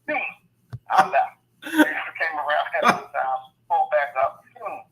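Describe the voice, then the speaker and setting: A man's voice: on the high side, a little slow. A man in his fifties casually telling a family story on a group call, acting out quotes with lots of fillers. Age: 50s. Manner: animated storyteller, acts out quotes, many fillers. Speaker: mastermind call participant. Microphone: phone. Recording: phone-line audio.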